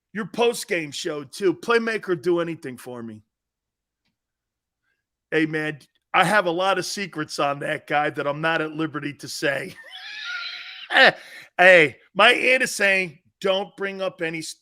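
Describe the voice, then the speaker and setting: A middle-aged man hosting a live sports talk show, joking loudly, reading out comments and jumping between topics. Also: a little high, unhurried. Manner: loud, joking, jumps between topics, often raises his voice.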